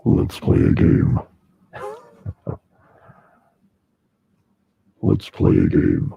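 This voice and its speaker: A man voicing a menacing stalker with slow, looming threats, his voice pitched down by a mixing board. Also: huge pitch swings, creaky, husky, dry recording, phone-quality sound, heavily acted. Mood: sinister. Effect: pitch shifted down by a mixing board.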